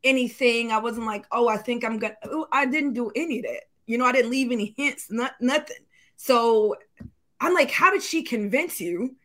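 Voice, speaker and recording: High, bright-voiced woman telling a story. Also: normal speed. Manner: animated storytelling with lively quoted voices. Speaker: guest. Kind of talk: casual chat.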